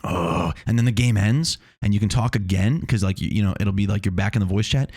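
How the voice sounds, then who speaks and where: A young man hosts a casual solo podcast, rambling, swearing, and restarting his sentences often. His voice is on the low side, a little mellow and fairly quick, recorded at studio quality with no echo using a lav or shotgun mic in a foam-treated room.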